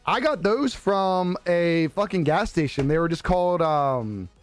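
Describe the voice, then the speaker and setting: A man's voice: sits high, animated, measured pace, soft background music. A young man live streaming, chatting casually with viewers in a laid-back, profane way and laughing often. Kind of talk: casual chat reading viewer comments.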